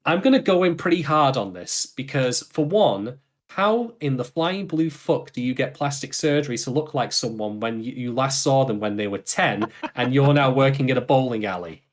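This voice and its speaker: A man co-hosting a casual podcast discussion, at an ordinary middle pitch. He is chatty and thinks aloud, often backtracking to correct himself mid-sentence. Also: lively intonation, normal speed, hardly any pauses. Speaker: podcast co-host.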